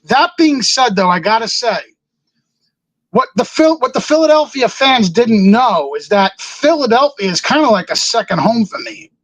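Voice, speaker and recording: A man's voice: very high voice, lively intonation, moderate pace, fairly bright tone, no echo, low-quality recording. A man, a wrestler guest on an interview show, telling a rambling story and acting out what others said. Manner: loose, rambling, laughs often.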